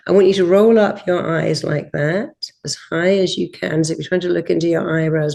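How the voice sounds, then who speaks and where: A woman's voice: on the low side, fairly even intonation, a little fast, gravelly, hardly any pauses, dark tone, soft background music. A woman hypnotherapist giving a motivational talk and guided self-hypnosis, with a direct, repetitive coaching delivery.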